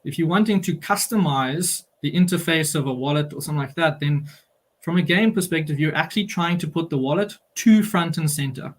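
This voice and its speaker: A man speaking as a panelist in an online discussion, explaining things in a steady way. His voice sits a little high for a man. He often pauses on "um" as he talks. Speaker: company representative, panelist.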